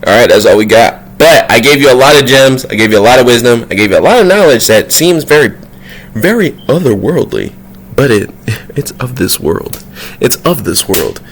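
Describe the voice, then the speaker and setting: A man talking casually to camera in a spiritual vlog, slangy and profane, his voice jumping up high whenever he gets worked up. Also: a little hiss or hum. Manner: excitable, slangy and profane, voice leaping up when worked up. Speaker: vlog host.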